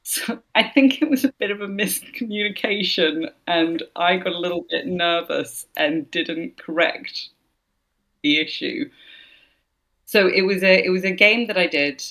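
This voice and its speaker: A woman's voice: on the low side, unhurried, a bit bright. A woman voice actor, a guest in an interview, chatting casually and telling anecdotes with restarts. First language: English. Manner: chatty storyteller, frequent restarts and laughs.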